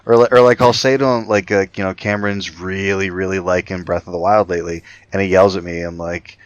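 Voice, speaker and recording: A man in his thirties co-hosting a podcast in casual chat, animated and jumping into high voices when he quotes his kids. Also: brisk, clean tone, no room sound, lo-fi sound. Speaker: podcast co-host.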